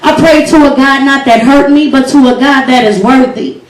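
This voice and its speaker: A woman's voice: sits high, normal speed, recorded from a distance. A young woman hosting a poetry slam and performing her own spoken word poem with a rhythmic, earnest and devotional delivery. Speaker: poetry slam host and poet. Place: event hall. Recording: echoey hall recorded from afar.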